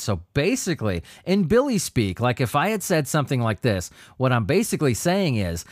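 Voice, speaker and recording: Profane, animated man ranting into a dry mic. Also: mid-range voice, normal speed, no echo. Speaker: podcast host reading news. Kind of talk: solo commentary on news articles.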